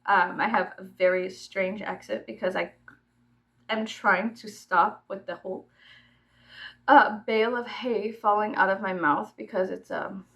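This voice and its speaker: Here the vlogger from Texas speaks at a measured pace in a steady mid-range voice with vocal fry and a fairly bright tone, recorded lo-fi. Giggly and freewheeling, she swears freely in her Texan accent and often sinks into a murmur.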